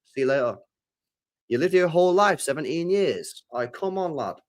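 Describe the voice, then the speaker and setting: A man's voice: a little high, expressive, moderate pace. Laid-back man chatting. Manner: slangy, laid-back, swears freely, repeats himself. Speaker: streamer reading live chat. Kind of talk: casual live-stream chat.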